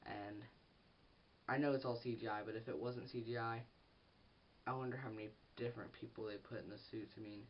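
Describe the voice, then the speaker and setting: A man's voice: fairly low pitch, fairly quick. A teenage boy rambling through a lo-fi vlog. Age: teens. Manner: rambling and excitable, with restarts and giggles. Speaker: movie reviewer. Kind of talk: casual film review vlog. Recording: distant, dull lo-fi audio with faint hiss.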